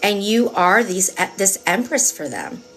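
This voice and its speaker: A woman's voice: mid-range voice, sing-song, unhurried, a bit bright, soft background music. A woman giving a live-stream tarot reading in a chatty, emphatic, rambling way with many fillers. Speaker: tarot reader.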